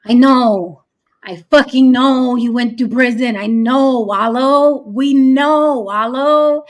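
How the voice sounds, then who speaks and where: A woman's voice: high voice, slow. Blunt, profane woman from New York. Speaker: podcast co-host. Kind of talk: casual chat.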